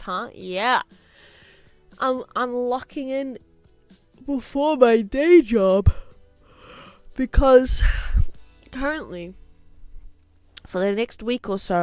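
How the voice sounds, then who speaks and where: A young woman chats casually on a live stream as she draws, in a mid-pitched, everyday voice. She is self-mocking and often mutters half to herself while working. Faint music plays behind her. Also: dry recording. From New Zealand.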